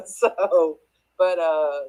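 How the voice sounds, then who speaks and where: A woman's voice: on the low side, fairly even intonation, drawn-out words, warm tone, rough recording. A woman from Kentucky with an Appalachian accent, chatting casually as a guest on a live audio space, laughing often and restarting her sentences. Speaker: crypto project guest.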